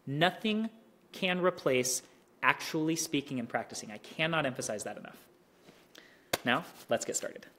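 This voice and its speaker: A man's voice: a little high, lively intonation, background noise. Man teaching Mandarin tones. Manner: slow, drawn-out syllable drills with pauses. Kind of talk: instructional explanation and drills.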